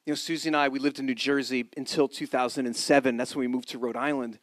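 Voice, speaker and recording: A middle-aged man from New York preaching a sermon with personal testimony. He swings from loud emphatic lines to hushed ones and drops joking, self-deprecating asides. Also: mid-range voice, fairly even intonation, quick pace, no echo.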